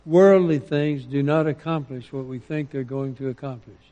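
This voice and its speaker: A man preaching a sermon, quoting scripture with rising emphasis and dropping into quiet asides. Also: medium pitch, moderate pace, in a large hall.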